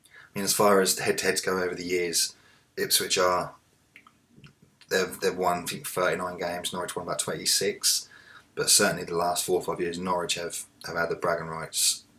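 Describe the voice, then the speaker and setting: A man commentating live on a football management game, muttering to himself and then shouting at the players. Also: deep voice, moderate pace. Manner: talks to the players, swings from muttering to excited shouts. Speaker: let's play host.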